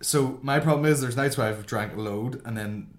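A man's voice: mid-range voice, normal speed, reverberant. A man, hosting a podcast, trading crude jokes and laughing banter in casual chat. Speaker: podcast host.

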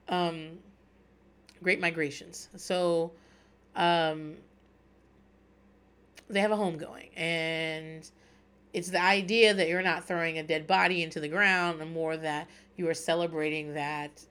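A woman's voice: low voice, a bit bright. Wry, chatty woman podcast host. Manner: chatty, profane and wry, breaking into laughs. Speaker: podcast host recapping a reality show. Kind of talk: casual solo recap chat.

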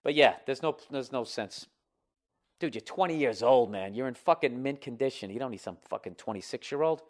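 A man's voice: medium pitch, animated, brisk. Profane, rambling male storyteller. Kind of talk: casual comic storytelling.

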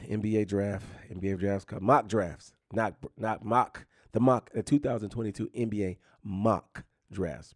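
A man's voice: on the low side, a little mellow, dry recording, studio quality. A man hosting a casual sports talk show, rambling and repeating himself with lots of "you know what I'm saying". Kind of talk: casual sports news chat.

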